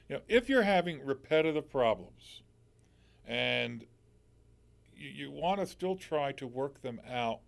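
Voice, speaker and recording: Male radio lawyer host, gravelly, plain-spoken call-in advice. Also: medium pitch.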